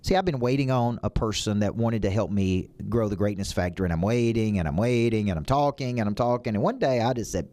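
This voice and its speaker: A man's voice: lowish voice, fairly quick, few pauses, mellow. A man who works as a business coach, giving a motivational talk with emphatic, punchy repeated phrases. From United States.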